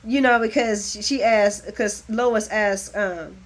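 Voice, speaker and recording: A woman giving a casual, animated recap of a soap opera, chatty and blunt, laughing often and swearing freely. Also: mid-range voice, slow pace.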